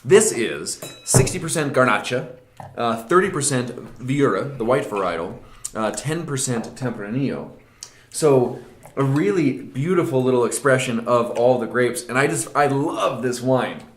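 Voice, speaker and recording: A man co-hosting a casual wine tasting show, talking with enthusiasm and animated energy. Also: mid-range voice, normal speed. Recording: echoey room.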